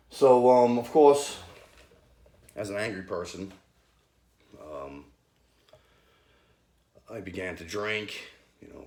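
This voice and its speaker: Youth leader, man, low voice, hesitant and nervous, recorded in a roomy space. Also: warm tone. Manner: hesitant, halting, many ums. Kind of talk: personal faith testimony.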